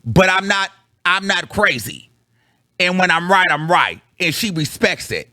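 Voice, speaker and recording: A man with a higher-than-usual voice recounts a story to his viewers in casual, slangy chat. His delivery is animated, dropping to low mutters and then jumping to high, excited bursts. The sound is close and dry, with no room echo. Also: unhurried. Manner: slangy, calls the audience girl. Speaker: vlogger reviewing a concert.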